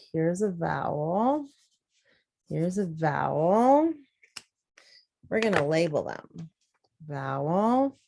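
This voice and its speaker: Slow lowish woman teaching phonics, sounds out words patiently. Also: vocal fry, dark tone. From Southern US.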